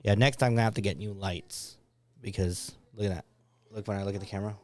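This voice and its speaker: A man's voice: fairly low pitch, steady tone, fast, darkish tone. A man co-hosting a casual talk show, laid-back and rambling, often laughing. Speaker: podcast co-host. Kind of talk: casual chat.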